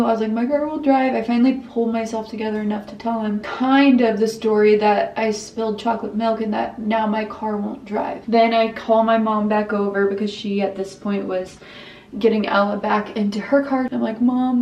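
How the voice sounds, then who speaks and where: Young pregnant woman, kinda high voice, confiding emotional storytime vlog, echoey room a bit off mic. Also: darkish tone, distant mic, a little hiss or hum. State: pregnant, weepy. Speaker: family vlogger. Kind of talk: storytime vlog while doing makeup. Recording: roomy echo, voice off-mic.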